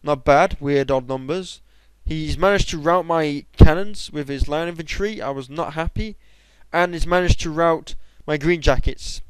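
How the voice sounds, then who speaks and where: A young man giving excitable commentary over his own game, bursting into high shouts at times. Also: moderate pace, few pauses, clear, resonant tone, no room sound, rough recording. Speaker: gamer. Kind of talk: gameplay commentary.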